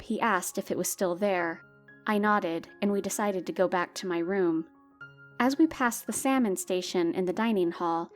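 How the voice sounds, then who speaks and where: A woman of middle pitch reads a personal story aloud in a wry, exasperated way, as scripted narration. Faint music plays softly underneath her voice. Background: faint background music.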